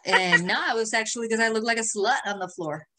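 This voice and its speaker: This podcast co-host has a fairly high voice and a brisk delivery, with slight background noise behind her. Her storytelling is lively and profane, and the casual conversation is full of laughter.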